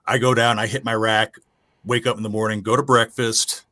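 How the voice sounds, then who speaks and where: A man casually telling a profane, animated ghost story from his Navy days. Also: fairly low pitch, a little fast. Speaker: guest storyteller.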